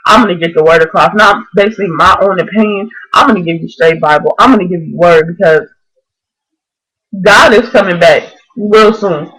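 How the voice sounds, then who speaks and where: A woman's voice: lowish voice, moderate pace, fairly bright tone, breathy edge, poor audio. A woman in her twenties speaks straight to her camera in a vlog. She preaches earnestly and with fervent conviction, pressing every point home. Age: 20s. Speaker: vlogger.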